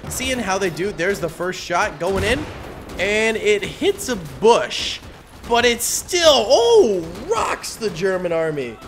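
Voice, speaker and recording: A man giving casual, excitable gameplay commentary on his gaming channel, exclaiming at big moments. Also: fairly high pitch. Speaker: gaming YouTuber. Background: faint game gunfire and music.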